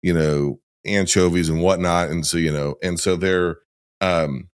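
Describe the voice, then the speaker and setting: A man with a fairly low voice talks through a film scene in a loose, rambling way, restarting his sentences and swearing now and then. He sounds like a podcast host chatting casually, and the recording is dry and close. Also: steady tone, a little slow, clean tone, dry recording.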